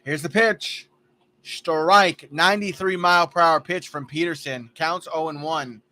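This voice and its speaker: Bright-voiced fan calling a ballgame. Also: male voice, measured pace. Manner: chatty, jokey, drifts into stories between pitches. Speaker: fan livestream commentator. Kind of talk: casual play-by-play commentary.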